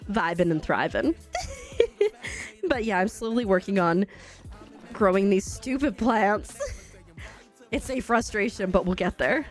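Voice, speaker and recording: A woman's voice: mid-range voice, slow, pauses often, faint music behind. A chatty woman with a light Canadian accent, laughing often as she talks casually to her live-stream chat while gaming. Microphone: desk microphone.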